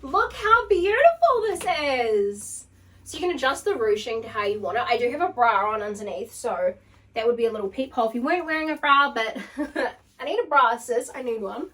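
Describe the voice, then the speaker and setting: Brief: young woman vlogger, bubbly and chatty, a touch high, recorded from across the room. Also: lively intonation, fast talker, fairly bright tone, distant mic. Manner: bubbly, gushing, full of "like". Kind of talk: casual try-on haul chat.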